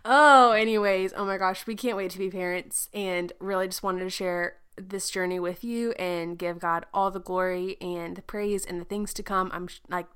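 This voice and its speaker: Giggly, chatty young woman, lowish voice. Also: fairly even intonation, moderate pace, few pauses, fairly bright tone, clear, resonant tone. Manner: chatty, laughs often, slips into playful sound effects. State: pregnant. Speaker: podcast host. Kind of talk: casual chat.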